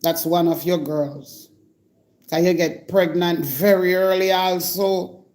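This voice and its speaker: A woman's voice: lowish voice, steady tone, slow, a little mellow. A woman with a Jamaican accent hosting a live stream, delivering an indignant, confrontational rant straight at her target. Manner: scolding, indignant, addresses her target directly.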